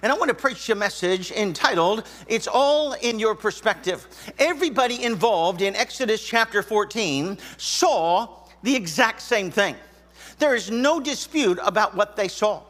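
A man's voice: high voice, animated, normal speed, fairly bright tone. A man preaching a sermon in a church auditorium, folksy and joking with the congregation. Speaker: pastor.

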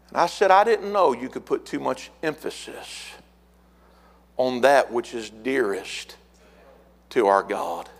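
Preaching with fire, a middle-aged pastor with a mid-range voice works his sermon up to shouted, repeated words.

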